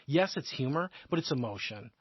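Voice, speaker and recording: A man's voice: medium pitch, lively intonation, a little fast, husky, no echo, highs cut off. A man co-hosting a marketing podcast in a casual, self-deprecating way, telling dad jokes. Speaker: podcast co-host.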